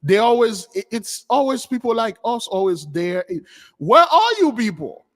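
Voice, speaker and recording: A man preaching to his online followers, addressing them as beloved while he comments on news clips in an animated, heated way. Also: very high voice, moderate pace, in a large hall.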